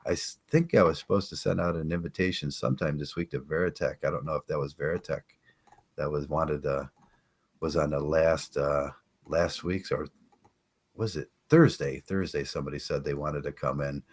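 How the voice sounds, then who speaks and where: Very deep-voiced older man rambling. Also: steady tone. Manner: rambling, halting, many fillers and restarts. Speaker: podcast host. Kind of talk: casual live-stream chat.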